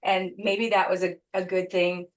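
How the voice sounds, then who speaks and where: A woman guest on an interview podcast, telling a personal story in an earnest, reflective way with pauses and restarts. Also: fairly low pitch, little pitch movement.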